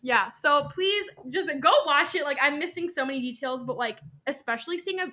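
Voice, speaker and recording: A young woman co-hosting a podcast, retelling a story in a lively, casual way, swearing freely and acting out the people she quotes. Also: high voice, a little fast. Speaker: podcast co-host.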